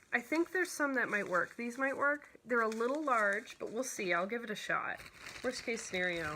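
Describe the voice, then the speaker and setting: A woman chats casually on camera about her craft hobby, gushing and filling her talk with "like" and "you know." Her voice is bright and forward, with a faint hiss of noise behind it. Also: mid-range voice. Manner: emotional, near tears at times. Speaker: cross-stitch vlogger. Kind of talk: casual show-and-tell chat.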